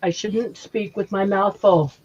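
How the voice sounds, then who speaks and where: A woman's voice: medium pitch, unhurried, darkish tone, husky. Woman livestream host, friendly chatter over a dull stream feed. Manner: chatty, talks while eating. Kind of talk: casual chat reading viewer comments.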